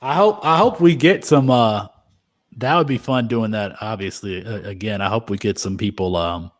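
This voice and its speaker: A man's voice: on the low side, normal speed. A man hosting a sports podcast, introducing questions and wrapping up the show in an upbeat way. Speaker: podcast host. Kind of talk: casual podcast chat.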